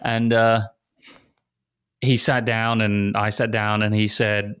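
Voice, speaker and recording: Man, pastor, earnest storyteller, smooth resonant voice, dry close sound. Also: fairly low pitch, flat delivery, slow, fairly bright tone, dry recording. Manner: storytelling, earnest with light self-deprecating humor. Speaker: pastor and missionary guest. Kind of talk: reflective conversation among pastors.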